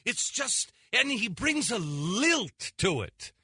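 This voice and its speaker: A man mimicking refined male opera-goers who gush slowly and fawningly over the conductor. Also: high-pitched, very animated, pushed and bright, no echo, studio quality, voice pushed up, heavily acted. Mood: swooning. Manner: slow, breathy, fawning.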